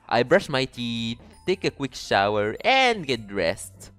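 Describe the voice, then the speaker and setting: A man commentating a game as he reads it aloud, jokey and prone to swearing. His pitch bounces all over the place, with faint music playing under him. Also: sing-song, slow pace, fairly bright tone, dry recording. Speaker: let's player.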